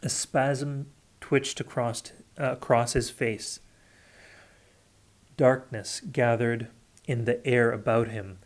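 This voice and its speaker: A man reading a novel aloud unrehearsed, in a measured, unhurried way. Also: mid-range voice, steady tone. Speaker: audiobook reader. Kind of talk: unrehearsed audiobook narration.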